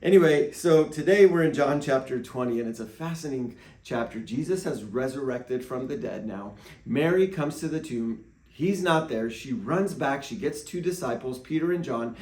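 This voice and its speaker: A man, a pastor, giving a devotional teaching in a lively way, acting out quotes with playful asides. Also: medium pitch, normal speed. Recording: echoey room.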